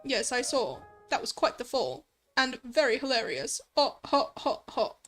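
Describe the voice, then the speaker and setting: A woman voicing a smug, polite male talking cat in a game, speaking in a dry, teasing, unhurried way. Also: on the high side, big pitch swings, fairly bright tone, faint music behind.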